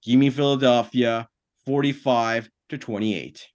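Animated man making bold football predictions. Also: mid-range voice, a little slow. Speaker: podcast co-host. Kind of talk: casual sports talk.

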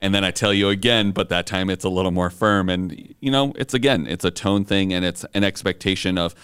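A man co-hosting a casual conversation, chatty and quick to laugh. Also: sits low, a bit bright, smooth, dry recording, studio quality. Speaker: co-host.

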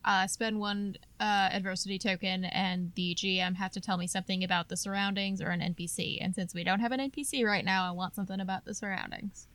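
Soft-spoken woman player, dry sound. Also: medium pitch, steady tone, quick pace, hardly any pauses, no room sound. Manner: soft-spoken, hesitant with fillers.

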